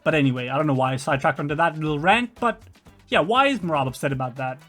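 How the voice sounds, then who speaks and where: A man's voice: fairly high pitch, fast talker, a bit bright, soft background music. A man giving a rambling, casual reaction commentary. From Australia. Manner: rambling, chatty. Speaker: reaction video host.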